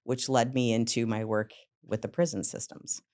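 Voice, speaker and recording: A middle-aged woman with a very low, deep voice speaks as a psychotherapist guest on a podcast. She tells stories from her working life in a lively way, acting out the scenes and laughing along the way. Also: normal speed. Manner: lively storyteller, acts out scenes, laughs often. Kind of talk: podcast interview storytelling.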